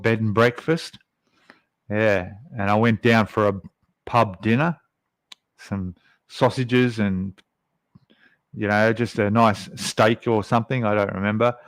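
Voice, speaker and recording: The recording is dry, and the voice belongs to an Australian man, smooth and on the low side. Hosting a laid-back live stream, he reads out viewer comments and rambles on with lots of fillers.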